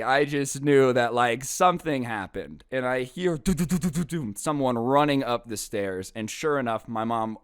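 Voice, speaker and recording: Young guy doing a storytime, smooth clear voice, super casual, says bro a lot. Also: mid-range voice. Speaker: storytime vlogger. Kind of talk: animated storytelling.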